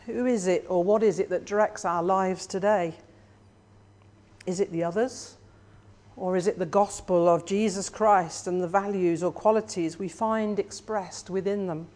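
A preacher delivering a sermon in a measured, reflective way, often putting questions to the listeners. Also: medium pitch, steady tone, a little mellow.

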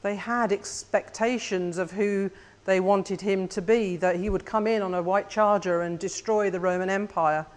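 A preacher delivering a sermon in a measured, reflective way, often putting questions to the listeners. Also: mid-range voice, steady tone.

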